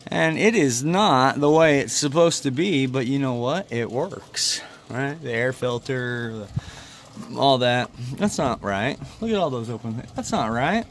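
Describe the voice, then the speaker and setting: A man's voice: mid-range voice, expressive, unhurried, a little hiss or hum. A man vlogging outdoors in the cold beside his car, rambling and joking to himself as he works. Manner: rambling, jokey and self-talking. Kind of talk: casual vlog.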